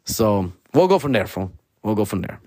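A man's voice: lowish voice, sing-song, moderate pace, darkish tone, dry recording, clean studio sound. A man, a comedian host riffing in a profane, slangy monologue and ending lines with "fool" and "dog". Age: 40s.

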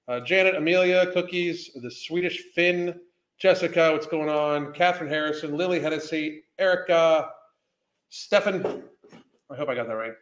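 A man's voice: on the high side, normal speed. A man hosting a casual livestream as a health coach, rambling, swearing and greeting viewers by name.

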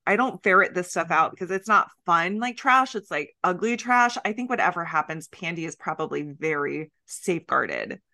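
A woman co-hosting a casual chat podcast, talking in an animated, wry way and laughing often. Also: fairly low pitch, normal speed, few pauses, no echo, studio quality. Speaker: podcast co-host.

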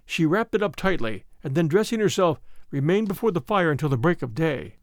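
A man narrating a classic tale as an audiobook reading, in an expressive, dramatic manner. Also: a little high, a little fast, no echo, clean studio sound.

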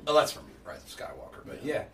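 A man hosting a casual podcast chat, animated and laughing often, explaining things at length. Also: on the low side, quick pace. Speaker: podcast host. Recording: echoey room, distant mic, faint noise.

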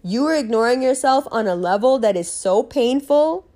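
A woman's voice: on the high side, moderate pace. Brash, profane New York woman. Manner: brash, profane, animated, acts out dialogue. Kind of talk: blunt monologue giving life advice.

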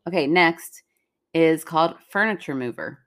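A woman co-host reading stories aloud and chatting between them, with a slightly low voice that moves lively up and down. Her delivery is playful and a touch dramatic. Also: moderate pace. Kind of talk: casual chat and story reading.

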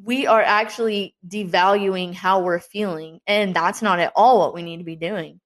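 A woman's voice: mid-range voice, fairly even intonation, moderate pace. A young woman giving a casual Christian devotional talk, earnest and chatty, encouraging her listeners with playful asides.

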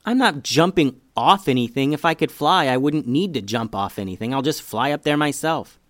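A man voicing a skeptical, sassy young girl in a storybook reading, with quick doubtful retorts. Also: mid-range voice, animated, fairly bright tone, no echo, clean studio sound, pitched above the performer's own voice, natural voice.

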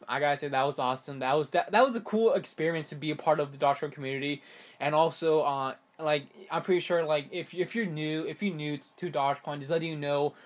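A young man vlogging casually about crypto, animated and exasperated, rambling with many restarts. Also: a little high. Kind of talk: casual ranting monologue.

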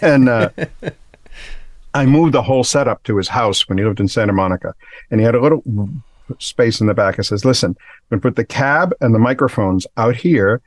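A man's voice: medium pitch, lively intonation, fairly quick, no room sound. A man, a guitarist guest, chatting casually and rambling with many fillers. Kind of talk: casual chat.

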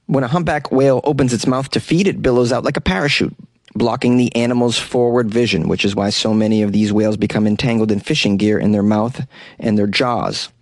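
A man's voice: medium pitch, fairly even intonation, brisk, a little mellow, no echo. A man reading out odd news stories and breaking in with sarcastic wisecracks. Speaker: commentator. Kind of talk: comedic news commentary.

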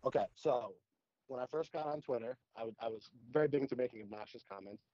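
A man's voice: mid-range voice, fast talker, no echo, highs cut off. A man co-hosting a casual sports podcast, brash and joking as he trash-talks, heard over a remote call. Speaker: podcast co-host.

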